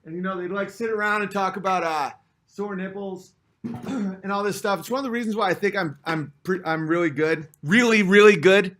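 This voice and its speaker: A man's voice: high-pitched, brisk, fairly bright tone, slight background noise. Chatty man telling rambling comic stories. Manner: chatty, self-mocking, acts out others' voices in quotes. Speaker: comedian hosting a livestream.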